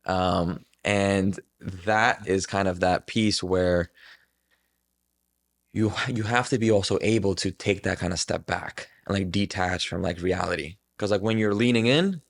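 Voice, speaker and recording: Male guest, very deep, fry-heavy voice, thoughtful and loose, lots of fillers. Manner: reflective, drawn-out phrasing with many fillers. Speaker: podcast guest. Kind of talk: casual reflective chat.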